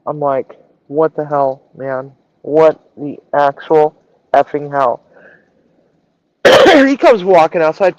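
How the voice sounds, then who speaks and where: A woman's voice: low voice, lively intonation, slow pace, pauses often, a little mellow, dry recording, muffled recording. A woman chef telling a story in a casual live stream, acting out the dialogue and swearing freely. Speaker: chef and culinary director.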